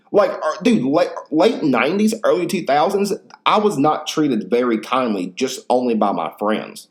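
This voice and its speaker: A man's voice: medium pitch, expressive, moderate pace, hardly any pauses. A man in his thirties hosting a casual solo podcast, telling rambling stories full of slang and swearing. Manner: rambling, profane, slangy storytelling. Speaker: podcast host.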